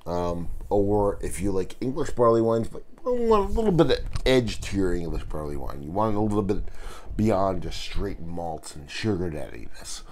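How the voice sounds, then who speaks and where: A man with a very low, raspy voice talks through a beer review in a loose, rambling way. He swears offhandedly and keeps it casual. There's a faint hiss of noise behind him. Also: sing-song, moderate pace, a little mellow.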